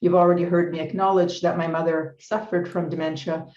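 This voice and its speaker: Measured woman lecturing in an echoey hall. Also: on the low side, little pitch movement, a little mellow. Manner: measured, deliberate, stresses key words. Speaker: conference speaker. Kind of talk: formal lecture presentation with slides. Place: conference hall. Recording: roomy, slightly muffled hall recording.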